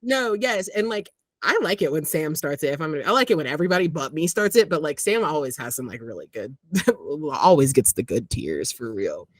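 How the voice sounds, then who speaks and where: A podcast co-host in casual chat, talking loosely with lots of fillers and frequent laughs. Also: male voice, on the high side, very animated, a little fast, no room sound.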